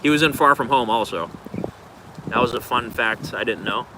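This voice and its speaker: A man with an ordinary mid-range voice chats loosely through viewer questions on a livestream, drifting from thought to thought with plenty of filler words. His voice sits over a steady hiss of background noise. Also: mid-range voice, moderate pace. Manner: rambling, laid-back, loose filler words. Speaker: streamer answering viewer questions. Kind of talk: casual livestream Q&A.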